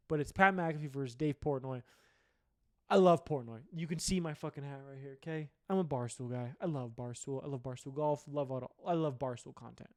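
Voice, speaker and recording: A man's voice: medium pitch, a little mellow, dry recording, studio quality. A man hosting a sports show, giving blunt, profane opinions in a rambling solo rant. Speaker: sports podcast host.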